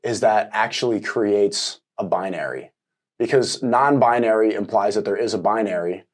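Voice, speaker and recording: A man's voice: on the low side, moderate pace. A man interviewing a woman in a casual, teasing and provocative way. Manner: teasing, provocative, mocks accents. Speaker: street interviewer. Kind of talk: casual chat.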